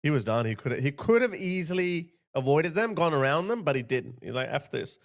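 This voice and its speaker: A man's voice: a little high, very animated, a little fast. Mocking man with a raised voice. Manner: mocking, puts on voices of others. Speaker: commentary host. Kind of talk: reaction commentary.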